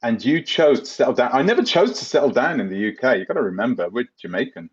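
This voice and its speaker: A man's voice: medium pitch, animated, quick pace, hardly any pauses, husky, dull audio. A man with a London accent hosts a live Q&A stream, rambling casually, laughing and answering viewers by name. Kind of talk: live Q&A reading viewer comments.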